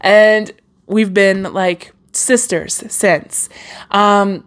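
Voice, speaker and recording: A woman's voice: medium pitch, fairly even intonation, drawn-out words. A young woman hosting her own podcast, talking casually and encouragingly into a microphone with lots of fillers and restarts. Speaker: podcast host. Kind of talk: casual solo podcast monologue.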